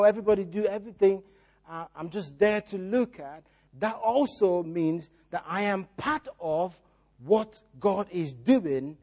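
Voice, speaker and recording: A man's voice: high voice, a little mellow. A male preacher giving a sermon in a church, repeating key phrases and putting rhetorical questions to the congregation.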